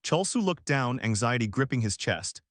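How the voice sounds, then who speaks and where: A man narrating a scripted fantasy story recap with lively storytelling. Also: mid-range voice, normal speed, no room sound, studio quality.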